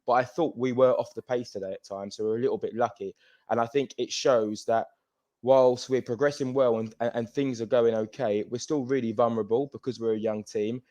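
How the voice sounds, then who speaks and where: A man calls in to a football fan show and lays out a calm, reasoned view of the game. His voice is mid-pitched and even. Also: highs cut off. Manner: measured, thoughtful analysis.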